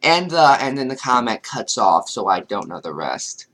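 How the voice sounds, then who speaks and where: Bright-voiced sarcastic woman commentator. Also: very deep voice, sing-song, normal speed. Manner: sarcastic, exasperated. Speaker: commentary youtuber. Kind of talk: reaction commentary reading comments.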